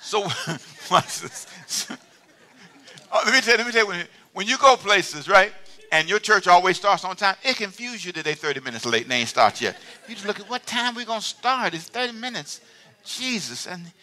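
A man preaching in a church, with an animated, chatty delivery full of calls for amens. His voice sits a little high and sounds very bright and sharp. He moves easily between talk and preaching. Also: moderate pace. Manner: animated, conversational preaching with call-and-response. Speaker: pastor. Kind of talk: sermon. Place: church sanctuary.

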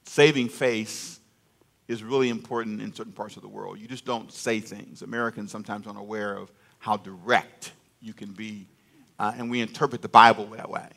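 Older preacher with a bright, forceful voice. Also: male voice, on the low side, steady tone, normal speed, creaky. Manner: call-and-response preaching, asks congregation to answer aloud; conversational, repeats phrases for emphasis. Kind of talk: sermon.

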